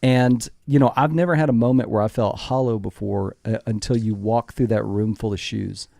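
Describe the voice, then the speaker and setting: A man's voice: on the low side, normal speed, gravelly, no room sound, studio quality. A man from Texas, a musician guest in a casual interview, telling stories animatedly and acting out dialogue. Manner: animated storyteller who acts out dialogue.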